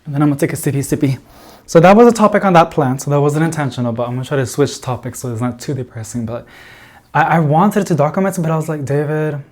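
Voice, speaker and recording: A man's voice: on the high side, expressive, fast, a little mellow. A man chatting casually to camera as a plant vlogger in an indoor plant room, rambling with lots of fillers and little laughs.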